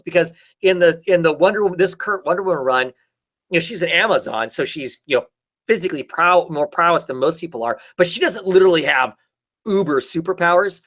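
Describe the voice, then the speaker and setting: A man talks through a comic story in a loose, rambling way. His voice sits a little high and sounds bright and forward. He keeps restarting his sentences and filling gaps with ums and you-knows. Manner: rambling recap with many fillers and restarts. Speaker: podcast co-host. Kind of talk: casual chat.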